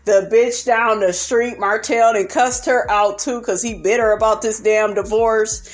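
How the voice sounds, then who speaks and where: A sassy woman dishing out a reality show recap in a blunt, profane, gossipy way. Her voice sits a touch high for a woman, and she keeps calling her viewers "honey" with a knowing "okay?" after her calls. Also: fairly even intonation, measured pace. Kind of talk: casual commentary recap.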